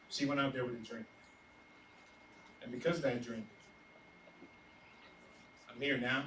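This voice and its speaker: A young man giving an unprepared, halting speech, choked up with emotion. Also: medium pitch, steady tone, fairly bright tone. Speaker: speaker's son. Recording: echoey hall, distant mic, room noise.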